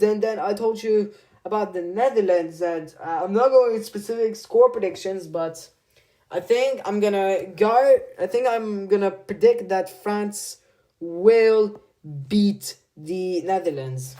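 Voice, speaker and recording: A man's voice: sits high, a little slow, dark tone. Slangy rambling young guy predicting football. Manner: slangy, rambling, repeats words and restarts. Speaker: football video creator. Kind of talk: casual prediction commentary.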